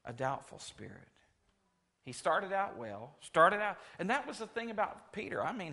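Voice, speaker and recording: An animated male preacher with a bright, forward voice that sits a little high. He tells Bible stories and personal anecdotes with big swings in pitch and loudness. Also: moderate pace, vocal fry, husky. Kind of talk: sermon.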